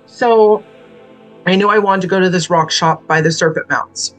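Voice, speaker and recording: Earnest low-voiced woman telling a story. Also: normal speed, soft background music, rough recording. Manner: earnest, emotional, laughing. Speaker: guest spiritual healer. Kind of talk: casual storytelling chat. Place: small bedroom studio.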